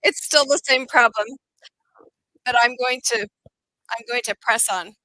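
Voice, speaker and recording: A woman's voice: fairly high pitch, a little slow, no echo, poor audio. A middle-aged woman, an accent coach, telling a story as an interview guest and acting out the dialogue with animation. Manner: animated, acts out quoted dialogue.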